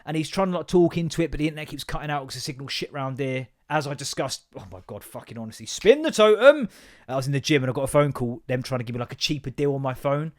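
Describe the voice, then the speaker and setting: A man hosting a podcast, telling rambling, sweary stories in an animated, comedic monologue. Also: medium pitch, rapid-fire, few pauses. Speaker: podcast host.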